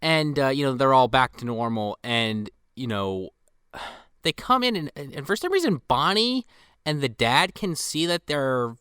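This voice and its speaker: A podcast co-host recaps a film in chatty, filler-heavy talk, like a casual movie review. His voice sits at medium pitch with lively intonation and a clear, slightly bright, resonant tone, and he speaks a little slowly. The recording is clean studio sound with no room sound.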